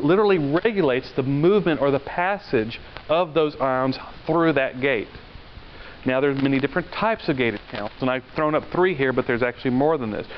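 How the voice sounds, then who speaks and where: A man lecturing to a class in a relaxed, conversational way, checking in with the students and wandering into anecdotes. The recording is dull and lo-fi, with a faint hiss of noise underneath. His voice sits at an ordinary middle pitch. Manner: conversational, asks the class questions, tells anecdotes. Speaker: university lecturer.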